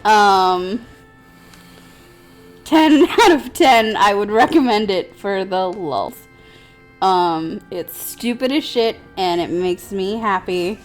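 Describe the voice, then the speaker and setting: A woman's voice: mid-range voice, animated, takes it slowly, soft background music. A woman co-hosting a casual gaming chat, rambling through a story and laughing often. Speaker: let's play co-host.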